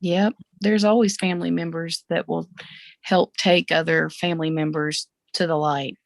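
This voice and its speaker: A woman's voice: on the low side, steady tone, moderate pace, creaky, dry recording. A woman co-hosting a paranormal live stream, chiming in with short prompts and agreement. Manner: brief prompting interjections. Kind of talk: casual live-stream chat.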